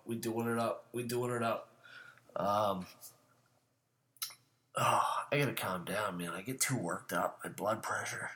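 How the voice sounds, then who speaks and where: A man hosting a show, delivering a profane comedic rant with furious shouting bursts between calmer asides. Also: fairly low pitch.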